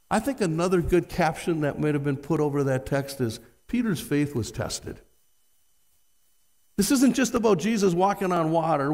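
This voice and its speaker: High-voiced pastor preaching in a reverberant hall. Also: male voice, a little mellow. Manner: reads scripture aloud with dramatic emphasis, asks the congregation rhetorical questions. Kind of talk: sermon. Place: church sanctuary.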